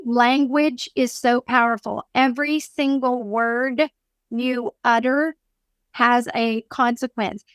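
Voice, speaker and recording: A woman's voice: on the high side, fairly even intonation, slow pace, a bit bright, clear, resonant tone, no room sound. A woman with a Southern US accent, a therapist and counseling teacher speaking as a podcast guest in an earnest, emphatic teaching tone.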